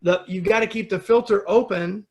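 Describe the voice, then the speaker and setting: A middle-aged man from the United States, a guest in a casual interview, telling a story with lively acted-out quotes. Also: normal speed. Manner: animated storyteller, acts out quotes with rising pitch.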